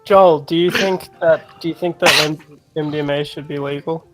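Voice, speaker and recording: A man's voice: a little high, steady tone, normal speed, over loud music. A young man co-hosting a podcast, chatting casually and teasing the others with cheeky questions. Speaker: podcast co-host. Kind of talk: casual chat.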